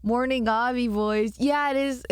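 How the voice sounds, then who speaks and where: A woman's voice: on the high side, steady tone, measured pace, clean tone, no room sound, clean studio sound. Giggly woman chatting on stream. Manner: rambling, giggly, answers chat. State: tired from little sleep. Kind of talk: casual live-stream chat. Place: home room.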